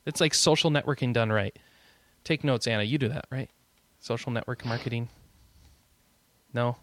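A man's voice: mid-range voice, moderate pace, a bit bright, dry recording. A man hosting a podcast in casual chat, rambling with jokey asides and frequent chuckles. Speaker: podcast host.

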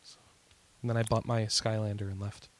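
A man's voice: lowish voice, little pitch movement, fairly quick, no echo. A man co-hosting a casual podcast chat, joking and trailing off mid-sentence. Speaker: podcast co-host.

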